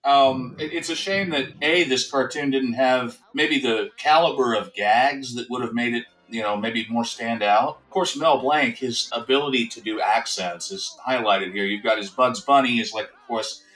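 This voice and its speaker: A man's voice: medium pitch, moderate pace, few pauses, a bit bright, distant mic, low-quality recording. A man co-hosting a casual cartoon review chat from his computer, talking with enthusiasm and laughing easily. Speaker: co-host of a cartoon review show. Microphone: computer mic on a call.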